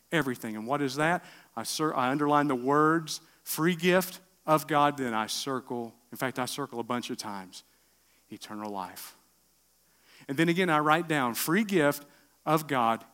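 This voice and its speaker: A middle-aged man preaching a sermon, asking the room questions and swinging from loud bursts to hushed lines. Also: on the high side. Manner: animated preaching with rhetorical questions and sudden drops to quiet. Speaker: pastor.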